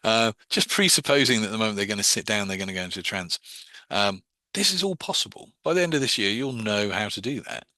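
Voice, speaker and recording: A man teaching a class on hypnosis, talking quickly with many restarts and dropping into soft, slow patter for examples. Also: fairly low pitch, lively intonation, no echo. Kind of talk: informal class lecture.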